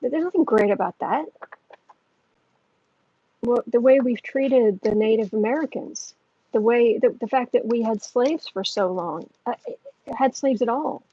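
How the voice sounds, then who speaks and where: A woman's voice: fairly high pitch, measured pace, long pauses, dark tone, no room sound. A woman hosting a tarot livestream, chatting earnestly with viewers in a rambling way, with many restarts. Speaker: tarot reader and livestream host. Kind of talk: casual livestream chat, reading viewer comments. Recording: dull lo-fi sound.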